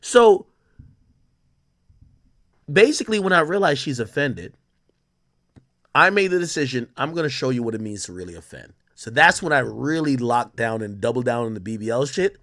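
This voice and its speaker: A man's voice: mid-range voice, animated, moderate pace, long pauses, a bit bright. A young man telling a story in casual talk, swearing freely and acting out what others said to him. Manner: profane, quotes others in shifting voices.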